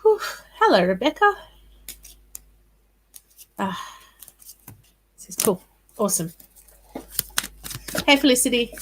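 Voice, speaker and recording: A woman gives psychic card readings on a live stream, casual and reassuring, calling viewers by name and often pausing with "um" and "all right." Her voice is a little high and sing-song, and the recording is rough.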